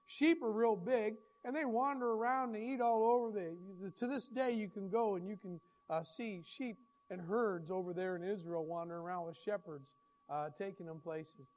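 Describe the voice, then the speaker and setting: A man preaching a folksy, rambling sermon, his voice hoarse and often interrupted by throat-clearing. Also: sits high, moderate pace, a little mellow, muffled recording. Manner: folksy, rambling, many restarts and fillers. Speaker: pastor.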